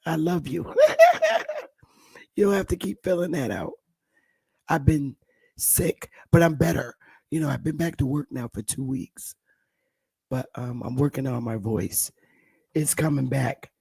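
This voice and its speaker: Hoarse, gravelly woman talking softly. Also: low-pitched, a little slow, long pauses, dry recording. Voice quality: gravelly, husky. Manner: talks softly, greets viewers by name. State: hoarse, voice still recovering. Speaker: livestream host. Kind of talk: casual livestream chat.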